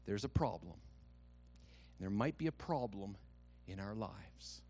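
Dramatic, slow-preaching man pastor. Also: expressive. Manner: swings from hushed low asides to loud shouted declarations, many rhetorical questions. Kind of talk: sermon.

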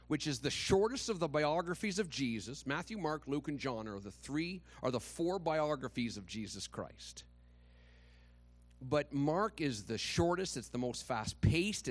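A man's voice: mid-range voice, no room sound. A male pastor preaching a sermon in a conversational, dramatic storytelling manner with touches of humor.

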